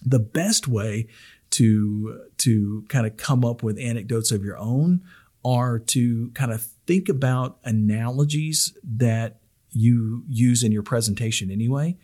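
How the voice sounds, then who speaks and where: A man's voice: mid-range voice, dark tone. A middle-aged man hosting a podcast on public speaking, talking in a rambling, casual way full of restarts and fillers.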